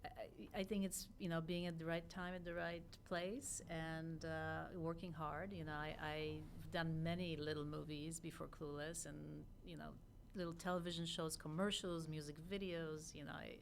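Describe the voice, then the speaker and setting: A woman, a costume designer guest, telling her story in a relaxed, matter-of-fact way. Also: low-pitched, moderate pace, few pauses, a little hiss or hum. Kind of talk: casual interview chat.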